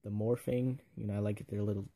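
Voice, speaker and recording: Gravelly young man rambling through a review. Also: fairly low pitch, fairly even intonation, a little fast, warm tone, no echo. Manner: rambling, filler-heavy, enthusiastic. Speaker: video reviewer. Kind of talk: casual rambling review vlog.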